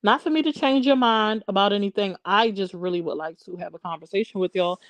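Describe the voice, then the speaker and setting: A woman's voice: mid-range voice, fast talker, no echo, lo-fi sound. A woman hosting a casual livestream, chatting and answering viewers by name. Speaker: livestream host. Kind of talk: casual live chat.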